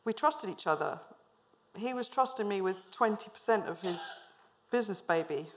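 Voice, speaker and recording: A woman's voice: mid-range voice, normal speed. A woman in her thirties, a managing director, giving a storytelling business talk on stage to a live audience, asking them questions with light humor.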